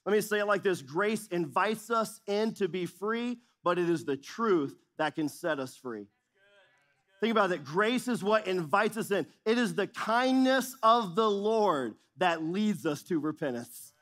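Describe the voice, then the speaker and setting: A man with a high voice preaching to his congregation. He drives his points home through repetition, dropping low and quiet, then rising sharply when he presses a point. He sounds like a pastor in the middle of a sermon. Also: lively intonation, measured pace. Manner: preaching with emphatic repetition and shifting intensity.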